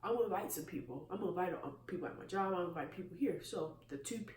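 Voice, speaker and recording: A man's voice: high-pitched, very fast, darkish tone, a little hiss or hum. A man vlogging a personal faith testimony, earnest and confessional in tone. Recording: echoey room from a distance.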